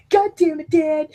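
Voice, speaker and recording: A woman in her early twenties telling a funny story in casual chat, animated, laughing often and swearing freely. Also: very high-pitched. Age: 20s.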